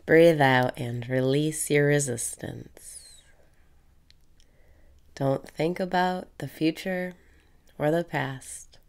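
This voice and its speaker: A woman leading a guided meditation, calm and blunt, repeating breathing cues, swearing casually and sometimes dropping into breathy whispers. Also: deep voice, slow, pauses often.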